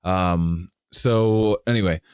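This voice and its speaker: A man's voice: low-pitched, slow, clear, resonant tone, dry recording, studio quality. A middle-aged man co-hosting a casual podcast, rambling and self-deprecating as he reads survey questions aloud. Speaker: podcast co-host.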